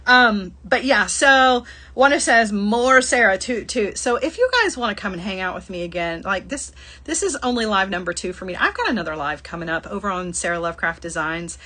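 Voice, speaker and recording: A woman's voice: medium pitch, lively intonation, a little fast, sharp tone. A middle-aged woman with a Southern accent hosting a live shopping stream, chatting casually, laughing often and reading out viewer comments. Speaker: livestream host. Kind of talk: casual livestream chat.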